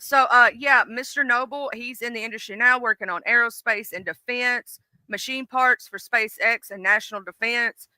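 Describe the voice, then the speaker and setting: A woman's voice: fairly high pitch, moderate pace, hardly any pauses, bright, forceful tone, clean tone, no room sound. A middle-aged woman hosting a live stream in casual, rambling chat, full of fillers and restarts. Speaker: livestream host.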